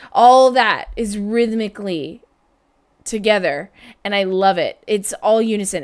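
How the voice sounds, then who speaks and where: A woman hosting a music reaction, talking casually about a song, laughing often and humming the riffs out loud. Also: mid-range voice, a little slow. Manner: chatty, laughs often, hums and scats riffs. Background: faint music.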